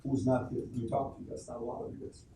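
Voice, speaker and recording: In an office meeting space, a man with a mid-range voice delivers a quick, animated motivational talk to a crowd of coworkers, stressing his stories and asking the room questions. The audio is echoey, recorded from far away, with a noisy background.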